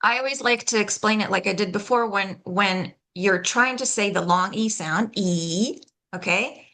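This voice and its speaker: Woman instructor with a bright, slightly gravelly voice, patient and explanatory, modeling words slowly. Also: medium pitch. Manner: patient, explanatory, checks in with frequent "okay?"; demonstrates sounds slowly and deliberately. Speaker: pronunciation workshop instructor. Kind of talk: live online workshop teaching.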